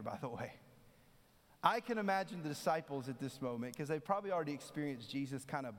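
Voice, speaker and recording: A man preaching a sermon in a conversational way, acting out the voices of the people he quotes. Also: fairly high pitch. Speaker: pastor. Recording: long hall reverb.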